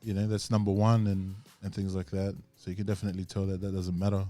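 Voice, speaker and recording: Podcast host, man, low register, loose rambling chat, laughs easily; faint music bed. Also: little pitch movement, fast, dark tone. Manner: rambling, laughing, full of fillers. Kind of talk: casual chat. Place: podcast studio.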